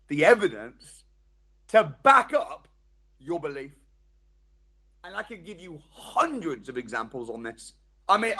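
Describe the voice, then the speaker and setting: Animated man giving a lively seminar talk. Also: on the high side. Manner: animated, acts out quoted inner voices; addresses the audience directly with questions. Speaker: seminar speaker. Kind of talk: live motivational seminar talk.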